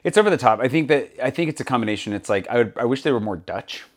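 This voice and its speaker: A man talks at a quick clip as he hosts a relaxed podcast conversation. He tells his stories with energy and slips into the voices of the people he describes. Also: medium pitch. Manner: animated storyteller, acts out quoted people. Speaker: podcast host. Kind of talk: casual chat. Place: Paris.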